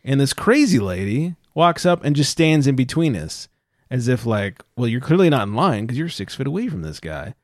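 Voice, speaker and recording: A man telling a story on a casual podcast, profane and animated, with loud outbursts when he quotes himself. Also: medium pitch, normal speed, no room sound, clean studio sound. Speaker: podcast co-host. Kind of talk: casual chat.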